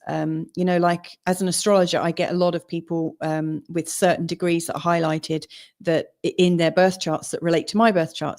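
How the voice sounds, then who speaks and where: Woman astrologer co-hosting, slightly strained voice. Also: lowish voice. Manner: relaxed, many fillers. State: losing her voice. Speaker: co-host and astrologer. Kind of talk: casual live-stream chat.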